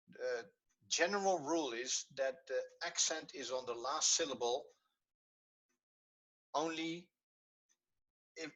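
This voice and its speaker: A man takes learners through a Hebrew grammar lesson in an online class. His voice is bright and forward, and he explains each step slowly and patiently, going back over points so they stick. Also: mid-range voice, rough recording. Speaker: Hebrew teacher. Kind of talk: online lesson, screen-sharing.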